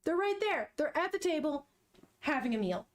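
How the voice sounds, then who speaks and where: High-voiced young woman, giggly and chatty. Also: normal speed. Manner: chatty, giggly, animated reactions. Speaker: vlogger reading manga aloud. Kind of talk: casual chat.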